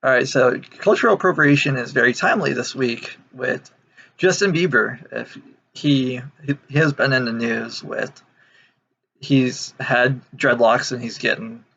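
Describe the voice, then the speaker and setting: A man's voice: medium pitch, a little slow, vocal fry, a bit bright, muffled recording. An American man in his twenties to thirties, talking casually to camera, rambling with many fillers and restarts. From United States. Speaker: video host. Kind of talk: casual opinion monologue.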